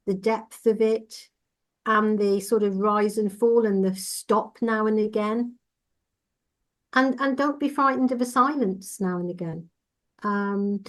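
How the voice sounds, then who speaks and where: A woman who trains driving instructors speaks in a medium-pitched voice during a casual podcast discussion. Her manner is measured, reassuring and explanatory.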